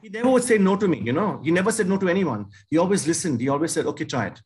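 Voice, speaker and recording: A man's voice: sits high, sing-song, very fast, a little mellow, slightly rough. A man speaking as a guest on stage, telling stories in an emphatic, effusive way. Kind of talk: casual storytelling on stage.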